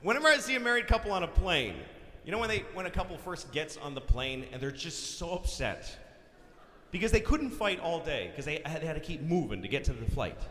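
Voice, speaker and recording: A man's voice: high voice, very animated, brisk, sharp tone, a little hiss or hum. A man doing crude, exasperated stand-up comedy on a large concert hall stage. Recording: live concert hall recording.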